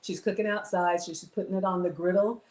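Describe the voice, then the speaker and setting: A middle-aged woman with a drawl talks viewers through a recipe live from her home kitchen. Her voice sits a bit low, and the room adds a noticeable echo. She keeps a running, homey chatter, calling everyone y'all. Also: steady tone, quick pace, darkish tone. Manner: chatty, addresses viewers as y'all, reads comments aloud. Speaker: livestream cooking host. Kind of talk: casual live-stream cooking chat.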